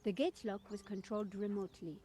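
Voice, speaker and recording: A woman's voice: mid-range voice, fairly even intonation, fairly quick, noisy background, close to an everyday voice. An actress voicing a poised young French woman investigator, direct and polite, with a French accent.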